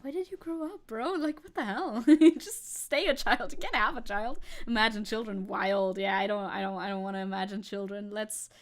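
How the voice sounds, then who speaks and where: A woman's voice: medium pitch, fairly quick, few pauses, fairly bright tone. A young woman streaming as a VTuber, chatting casually and rambling, often giggling and reading chat aloud.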